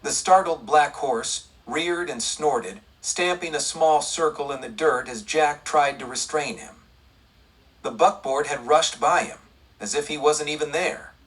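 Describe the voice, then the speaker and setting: Husky man narrating a western. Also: on the high side, unhurried, a bit bright, recorded from a distance, low-quality recording. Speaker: audiobook narrator.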